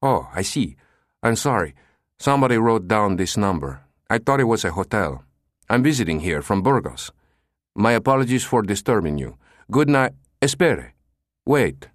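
A man's voice: lowish voice, sing-song, moderate pace, dry recording, studio quality. A man voicing a polite, flustered Spanish caller with a nasal voice and a slight cold, in an audiobook. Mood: apologetic.

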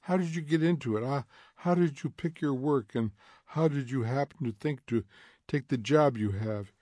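A man voicing a curious, gently odd teenage girl who talks softly and stumbles over her words. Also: medium pitch, moderate pace, no echo, clean studio sound, natural voice. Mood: wondering.

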